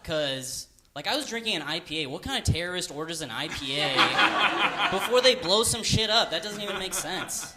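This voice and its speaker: A man's voice: high voice, animated, normal speed. A man doing a stand-up comedy set at a live venue, rambling and self-deprecating, with lots of fillers. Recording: live room with audible noise.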